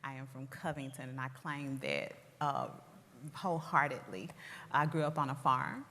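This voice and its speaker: A woman's voice: a bass voice, normal speed, fairly bright tone. A woman in her forties with a Southern Tennessee accent, speaking earnestly with frequent fillers as an interviewee in a community conversation. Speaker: school district leader interviewee. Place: public library hall. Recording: reverberant hall sound.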